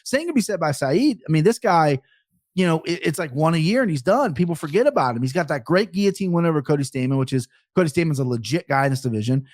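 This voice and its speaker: A fast-talking man with a fairly high voice, a betting analyst who pokes fun at himself while he runs through fight picks. The sound is close and dry, with no room around it. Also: animated, darkish tone, no echo. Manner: fast, talkative, self-mocking. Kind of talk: podcast chat, fight picks.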